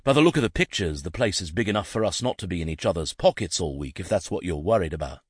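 Man doing a cocky teasing detective guy, husky and wry, audiobook. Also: low voice, animated, fast, no room sound, studio quality. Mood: reassuring. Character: confident, teasing male detective.

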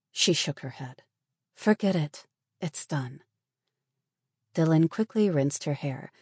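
A woman reads a novel aloud in a measured, steady way. Her voice is low and husky, and the recording is dry and close with no room sound. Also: no room sound. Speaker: audiobook narrator. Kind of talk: scripted narration.

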